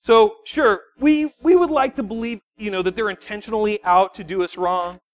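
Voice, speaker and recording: A youth pastor with a high voice delivers an animated sermon, telling personal, self-deprecating stories with quick, frequent restarts.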